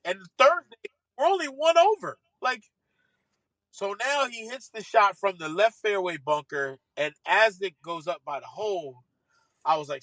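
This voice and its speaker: High-pitched, bright-voiced man telling stories. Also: moderate pace, dry recording, poor audio. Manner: lively, laughs while telling stories, swears casually. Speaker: golf caddie, podcast guest. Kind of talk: animated anecdote storytelling. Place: podcast studio.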